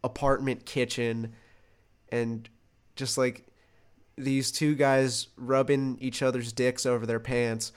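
A man's voice: mid-range voice, little pitch movement, takes it slowly, smooth. Young man, podcast co-host, casual chat, rambling, profane, mid-range voice. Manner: rambling, profane, laughing storyteller. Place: Los Angeles.

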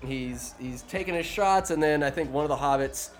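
A man's voice: on the high side, normal speed, faint music behind. Profane, sarcastic man recapping a film. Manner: profane, rambling, sarcastic asides. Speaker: movie recap vlogger. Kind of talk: casual comedic movie recap.

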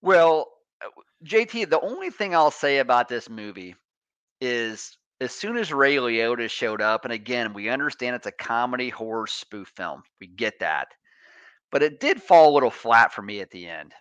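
Male podcast co-host, halting recap style, bright tense tone, dry close mic. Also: medium pitch, animated, clean tone, dry recording. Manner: halting, restarts and repeats words. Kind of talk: casual movie-review chat.

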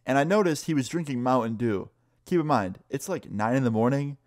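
A man's voice: medium pitch, expressive, brisk, a little mellow, no room sound, clean studio sound. A young man casually telling a story, rambling with lots of "like" and swearing freely. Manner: loose, profane, full of "like".

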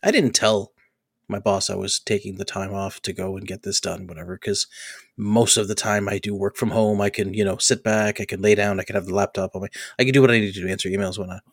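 A man telling a personal story in a casual podcast chat, animated and acting out the people he quotes, often laughing. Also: on the low side, fast talker, dry recording, studio quality. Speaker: podcast host.

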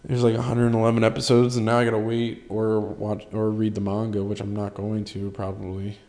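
A man's voice: fairly low pitch, completely flat delivery, fairly quick, warm tone. A man hosting a solo podcast in casual chat, rambling, swearing freely and joking at his own expense. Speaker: podcast host.

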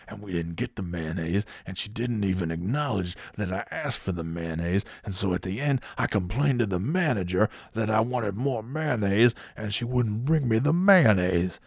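A man voicing a fixated male coworker who complains in a slow, plodding drawl. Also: lowish voice, creaky, darkish tone, husky, dry recording. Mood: aggrieved. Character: fixated man coworker griping about mayonnaise.

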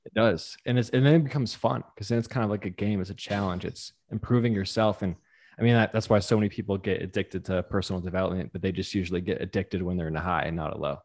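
A man's voice: low voice, quick pace. A man hosting a podcast, chatting casually and agreeably with a guest. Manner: relaxed, agreeable, loose filler words. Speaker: podcast host. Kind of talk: casual conversation.

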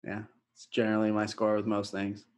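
A man co-hosting a podcast over a video call, talking loosely with quick exclamations and the odd swear. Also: on the low side, completely flat delivery, darkish tone. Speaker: podcast co-host.

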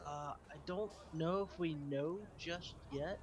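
A man playing a tabletop game, talking casually and a little haltingly. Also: on the high side, crowd noise. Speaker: player.

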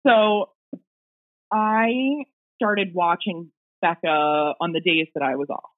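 A woman guest, her voice lowish and slow, shares her own ghost story over a remote call. The phone-line sound is tinny, and she rambles casually with fillers and small laughs.

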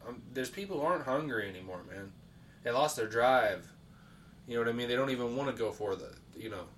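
A man's voice: mid-range voice, expressive, brisk, fairly bright tone. Rambling man, a bit far from the mic. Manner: rambling storyteller, heavy swearing and fillers. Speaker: podcast co-host. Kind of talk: casual chat. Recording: distant mic, faint background hiss.

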